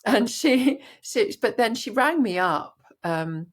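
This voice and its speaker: A woman's voice: a little high, animated, slow. A middle-aged woman, a doctor, telling a personal story in an interview with earnest animation and frequent restarts. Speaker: doctor guest.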